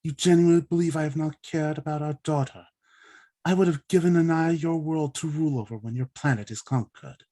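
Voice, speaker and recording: A cold, sardonic alien officer, read by a man, speaks in clipped, formal sentences. His delivery stays dry and unhurried, with a touch of mocking detachment. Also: fairly high pitch, dark tone, voice pushed up, natural voice. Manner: dry, formal, without contractions.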